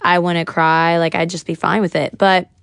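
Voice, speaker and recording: A woman's voice: fairly low pitch, level tone, moderate pace, smooth, no echo, studio quality. A young woman from the United States, a podcast guest, talking casually about her life with lots of fillers and acted-out quotes. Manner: chatty, many "like" fillers, acts out quotes. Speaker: podcast guest, singer-songwriter. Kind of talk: casual personal storytelling.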